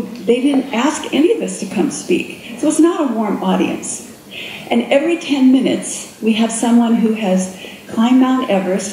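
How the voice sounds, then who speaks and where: Higher-voiced woman telling a keynote story. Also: a little hiss or hum. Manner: animated storyteller who acts out inner voices. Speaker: keynote speaker. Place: conference room with an audience. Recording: echoey room with faint ambience.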